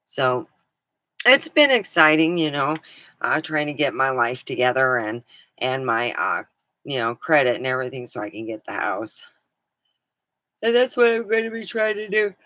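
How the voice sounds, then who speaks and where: A woman's voice: a bass voice, lively intonation, moderate pace, sharp tone, no room sound, low-quality recording. A woman livestreaming, chatting casually in a meandering way and swearing now and then. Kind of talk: casual rambling chat.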